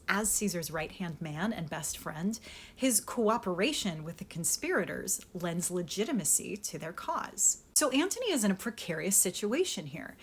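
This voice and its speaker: A young adult woman, an acting coach, explaining Shakespeare's verse in a lively, emphatic way and sounding out stress patterns. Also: on the low side, husky.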